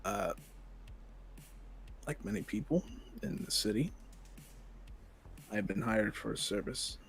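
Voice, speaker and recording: A man voicing a cold, businesslike hired killer who speaks low and slow in a tabletop game. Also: sing-song, gravelly, fairly bright tone, slight background noise, exaggerated voice.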